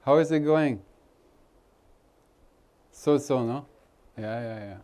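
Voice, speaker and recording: Male spiritual teacher with an Indian accent, informal talk to a group, unhurried and warm-toned, playful and teasing. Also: medium pitch. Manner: chatty, teasing, laughs often, nonnative grammar.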